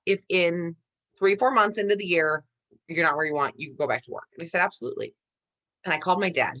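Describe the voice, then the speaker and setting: A woman in her thirties, a network marketing leader, telling a motivational personal story with animated energy, often addressing listeners as "you guys". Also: sits low.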